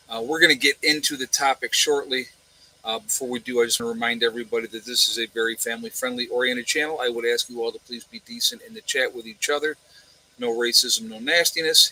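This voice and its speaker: A man's voice: mid-range voice, sharp tone, dry recording, low-quality recording. A man hosting a casual livestream chat from home, blunt and sarcastic, rambling with lots of uhs and ums. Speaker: channel host. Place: home room with a fan.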